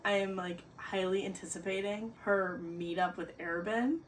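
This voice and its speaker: A woman's voice: medium pitch, steady tone, moderate pace, a little hiss or hum. A young woman chatting casually in her bedroom while reading, giggly and dramatic in her reactions. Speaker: book vlogger. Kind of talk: casual reading vlog commentary. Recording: distant mic with music underneath.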